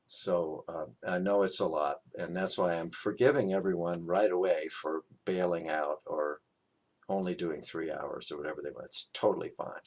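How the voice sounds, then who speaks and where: Man, qigong teacher, very low voice, halting speech, restarts and fillers, chuckles softly. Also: vocal fry. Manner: gentle, chuckles at his own quotes. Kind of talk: reflective class talk.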